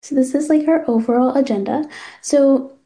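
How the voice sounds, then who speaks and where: A woman's voice: high voice, moderate pace, dark tone. A young woman presenting her startup's product over a video call, hesitant with many fillers. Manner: hesitant, filler-heavy, upspeak-prone. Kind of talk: casual pitch presentation.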